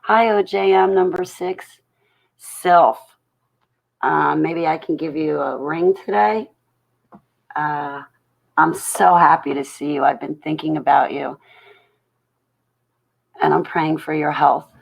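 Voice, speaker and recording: A woman's voice: sits low, steady tone, slow pace, creaky, long pauses, poor audio. A woman hosting a casual livestream from home, greeting her chat viewers one by one with affection. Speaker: livestream host. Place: at home at night.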